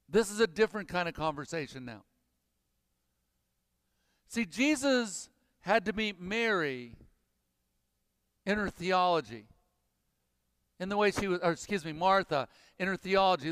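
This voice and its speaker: Male pastor, high clear voice, emphatic preaching that sinks to a hush; church with long reverb. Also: studio quality. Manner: emphatic, dropping to hushed intensity. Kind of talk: sermon.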